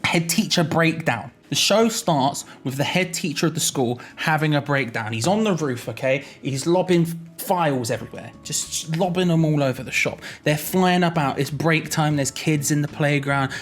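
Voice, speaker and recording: A man's voice: fairly high pitch, normal speed, few pauses, faint music behind. A young man giving a jokey, rambling explainer vlog, often correcting himself mid-sentence. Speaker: YouTuber.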